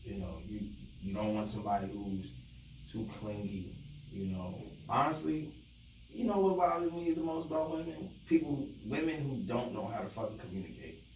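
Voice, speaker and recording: Male podcast guest, lively and profane, plays out both sides of his stories; roomy sound, faint ambience. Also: fairly low pitch, moderate pace, recorded from a distance, slight background noise. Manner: animated, profane, acts out both sides of arguments. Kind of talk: casual chat. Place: podcast studio.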